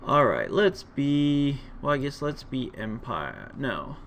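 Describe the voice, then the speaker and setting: A man's voice: medium pitch, sing-song, slow, vocal fry, fairly bright tone, slight background noise. A man hosting a casual gameplay commentary video, rambling with many fillers. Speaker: gaming video host.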